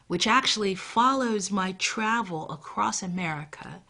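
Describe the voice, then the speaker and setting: A woman storyteller telling a folktale and reflecting, often dropping into a hushed, intimate whisper. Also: mid-range voice, expressive, unhurried. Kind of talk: live storytelling.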